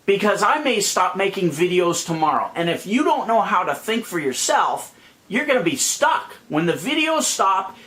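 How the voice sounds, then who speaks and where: A middle-aged man with a fairly high-pitched voice delivers an angry, profane rant straight to his viewers. He is blunt and calls himself a plain speaker. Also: a bit bright. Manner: angry, blunt and profane, calling people idiots. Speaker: YouTube money-making vlogger. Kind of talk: ranting monologue to viewers.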